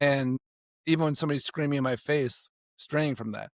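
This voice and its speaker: A man's voice: a little high, quick pace, no echo, clean studio sound. A man talking casually and reflectively as a podcast guest, rambling with restarts. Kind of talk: casual conversation.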